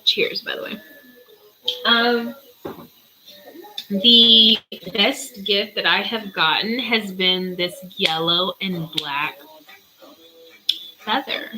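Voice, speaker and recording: Slow-talking woman reader. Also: medium pitch, music in the background, rough recording. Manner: chatty, easily sidetracked, playful. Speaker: spiritual reader hosting a live Q&A. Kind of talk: casual livestream chat answering comments.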